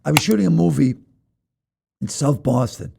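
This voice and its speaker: An older man telling wild stories from his past as a podcast guest, in an animated, profane way. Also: a little high, normal speed, gravelly, noisy background. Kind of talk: storytelling in a podcast interview.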